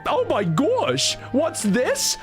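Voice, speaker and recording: A man's voice: very high-pitched, huge pitch swings, extremely slow, faint music behind, pitched above the performer's own voice, full character voice. A man voicing a snooty rich young nobleman in a game, haughty and condescending.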